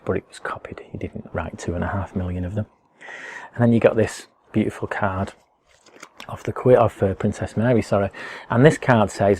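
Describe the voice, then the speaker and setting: A man's voice: lowish voice, darkish tone, slight background noise. A man, explaining things to schoolchildren in a friendly, chatty way with lots of fillers. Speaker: educator presenting a school topic box.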